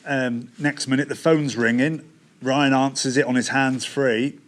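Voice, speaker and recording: Middle-aged Devon man, plain testimony storytelling, acts out quoted dialogue, halting restarts. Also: medium pitch, flat delivery. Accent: Devon English. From England. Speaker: testimony speaker.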